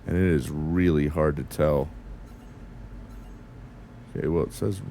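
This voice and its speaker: Very deep, mellow and gravelly, an unhurried American man casually narrates a space game he's streaming, muttering and swearing to himself and his chat while flying. His accent is a mix, neither northern nor southern, and a little hiss or hum sits in the recording.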